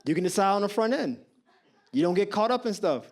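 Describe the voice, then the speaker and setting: Here a stand-up comic in his thirties speaks a little fast in a high register. Animated and chatty, he talks directly to the audience while telling stories and impersonating the people who appear in them.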